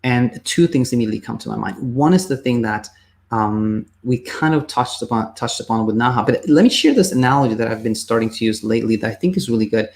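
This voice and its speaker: A male sleep coach talks through viewer questions in an unscripted, casual way. His voice has a gravelly, fry-tinged texture and sits at an ordinary middle pitch. He often stops and restarts, and now and then acts out the voices he quotes. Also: fast, darkish tone. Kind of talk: answering viewer questions on video.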